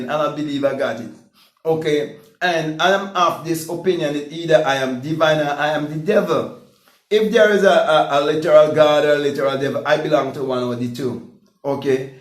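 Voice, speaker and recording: A man preaches his views in an emphatic, repetitive monologue. His voice sits high for a man, and he keeps checking in with "okay?" as he talks. The recording carries a roomy echo. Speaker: vlogger.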